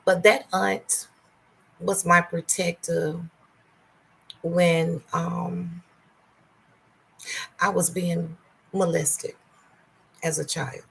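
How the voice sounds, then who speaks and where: A middle-aged woman hosting a casual livestream from home, greeting viewers by name and speaking candidly, softer and slower on painful memories. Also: lowish voice, level tone, gravelly, breathy edge. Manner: greets and thanks viewers by name between stories. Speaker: livestream host. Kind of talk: casual live-stream chat.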